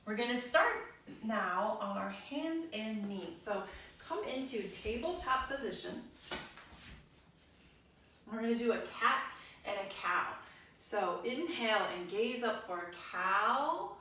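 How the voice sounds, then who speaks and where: A woman guiding a kids yoga class as the teacher, giving gentle, slow spoken cues. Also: fairly high pitch, expressive, a little hiss or hum. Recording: very echoey room, voice from far off.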